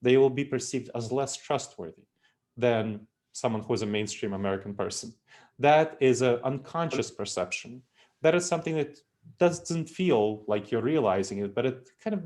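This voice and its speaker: A man's voice: mid-range voice, darkish tone. Man with a Russian accent lecturing. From Moldova. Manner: repetitive, emphatic explanatory delivery. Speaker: speaker, trainer. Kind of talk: presentation to business leaders.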